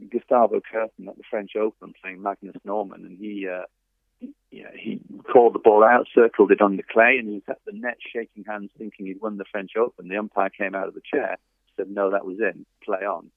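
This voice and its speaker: Guest author, male, very low gravelly voice, dry phone-line sound. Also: level tone, a little fast, no echo. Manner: thoughtful, anecdotal, frequent fillers. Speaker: tennis author and coach, guest. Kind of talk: interview over a phone line.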